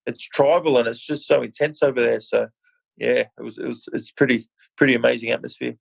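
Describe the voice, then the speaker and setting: A laid-back Australian man talks through a podcast interview in a relaxed, chatty way, often dropping in "mate". His voice is gravelly with a fair bit of fry, sitting in an ordinary middle pitch. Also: a little fast, poor audio. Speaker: guest, retired rugby league player. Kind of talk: casual interview chat.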